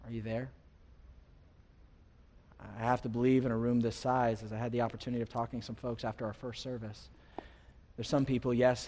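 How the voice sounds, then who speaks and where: A man preaching a sermon from the pulpit in a large church, with impassioned phrases that rise and fall, repeated lines and many restarts. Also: medium pitch. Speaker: pastor. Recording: live hall reverb.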